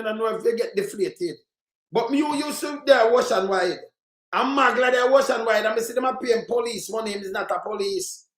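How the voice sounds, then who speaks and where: A Jamaican man in heated live commentary, ranting and shouting in patois, circling back to the same complaints. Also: extremely high pitch, echoey room. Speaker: livestream commentator.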